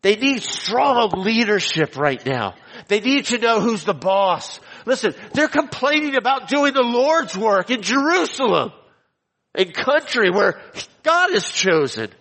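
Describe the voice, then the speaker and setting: Male preacher, a bit high-pitched, emphatic and repetitive, recorded with a long hall echo. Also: very animated, a bit bright. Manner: emphatic, repeats key phrases, slows down for stress. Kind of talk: expository sermon with scripture reading. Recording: long reverb of a large hall.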